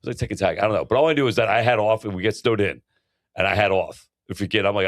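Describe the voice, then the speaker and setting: A man's voice: lowish voice, very fast, no room sound, clean studio sound. A man co-hosting a podcast, telling a crude story in casual chat and acting out quotes in a raised voice. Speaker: podcast co-host.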